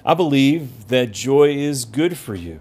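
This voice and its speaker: A man's voice: mid-range voice, lively intonation, measured pace, darkish tone, husky. A man giving an earnest, encouraging podcast sermon as pastor and host, repeating phrases for emphasis.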